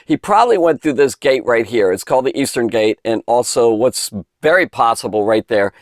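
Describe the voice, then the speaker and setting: A man's voice: medium pitch, animated, fairly quick, no echo, clean studio sound. A man giving an informal, chatty Bible lesson for children, digressing often and emphasizing points with enthusiasm. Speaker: Bible teacher.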